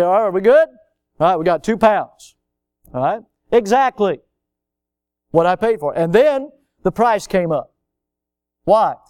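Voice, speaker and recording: A man preaching with a high, smooth, resonant voice, recorded dry and close. He presses his points hard, repeating phrases and dropping from loud bursts to hushed, low lines. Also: no echo. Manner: emphatic, repetitive, swings from loud to hushed. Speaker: pastor. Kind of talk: sermon.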